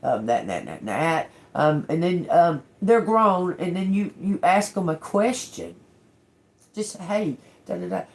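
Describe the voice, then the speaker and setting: A woman's voice: on the low side, expressive, slow. A woman giving a casual tarot reading to her viewers, blunt and emphatic, cursing freely and often checking in with "okay?". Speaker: tarot reader.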